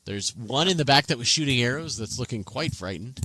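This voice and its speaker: Lively, bright-voiced man running a game. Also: medium pitch, brisk, no room sound. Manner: animated, playful narration. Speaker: game master. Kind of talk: narrating a tabletop game.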